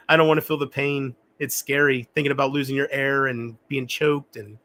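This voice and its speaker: A man talking alone on a livestream, rambling and reflective, often halting and restarting his sentences. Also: medium pitch, little pitch movement, bright, forceful tone. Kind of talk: rambling solo livestream talk.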